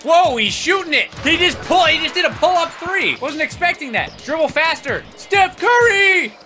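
A man streaming a video game, giving loud, jokey commentary and often shouting at the game. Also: extremely high pitch, lively intonation, moderate pace, faint music behind. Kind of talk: excitable gameplay commentary.

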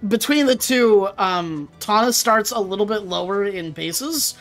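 A man's voice: high voice, lively intonation, unhurried, fairly bright tone, soft background music. A man guiding a friend through a let's-play, explaining the game and reading some lines in a casual, rambling way. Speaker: gaming video co-host guiding the playthrough.

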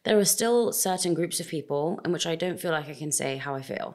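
A young woman talking in a casual interview, expressive and animated as she speaks her mind. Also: low voice, fairly quick. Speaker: podcast host, guest.

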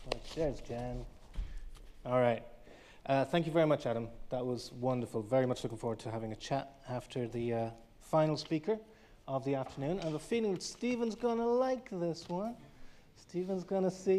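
A man hosting a conference, introducing the next speaker in a relaxed, friendly way. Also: on the high side, brisk. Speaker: conference host.

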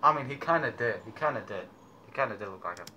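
Brief: casual male reaction host, bright and edgy voice, rambling chatter. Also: medium pitch, lively intonation, quick pace, dull audio, slight background noise. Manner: rambling, offhand commentary with fillers. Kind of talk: casual chat. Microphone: through a costume mask.

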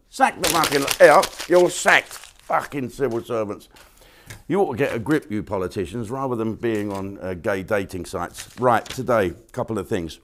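A man's voice: deep voice, darkish tone. An older man from England, a comedian hosting a casual, rambling monologue full of blunt swearing. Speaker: comedian host.

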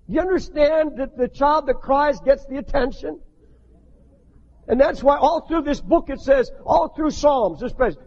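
An older man preaching a sermon as a pastor, impassioned, rising to shouts, with many restarts. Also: very high voice, moderate pace. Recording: dull archival recording in a long-echo hall.

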